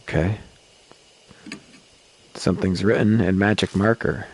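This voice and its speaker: A man streaming a horror game, reading the text aloud at a measured pace with casual asides. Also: lowish voice, animated, gravelly, slight background noise. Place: home streaming setup.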